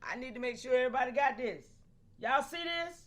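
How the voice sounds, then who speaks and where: High-voiced woman live-streaming to her chat. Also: brisk. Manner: animated, calls out to viewers, laughs often.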